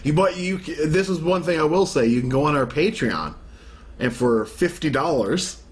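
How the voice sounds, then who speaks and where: Joking podcast co-host, faint room noise. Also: male voice, animated, moderate pace. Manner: joking, playful sales pitch. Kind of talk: casual chat.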